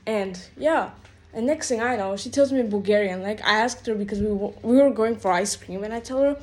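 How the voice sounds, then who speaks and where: A woman's voice: mid-range voice, brisk, a little mellow. A woman telling a rambling, exasperated storytime rant, full of "like" and "bro" fillers. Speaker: vlogger.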